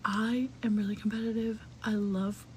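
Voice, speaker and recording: A young adult woman telling a personal story in casual, chatty talk, full of "like" fillers, cursing, and hushed, whispery asides. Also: medium pitch, little pitch movement, normal speed, slight background noise, low-quality recording.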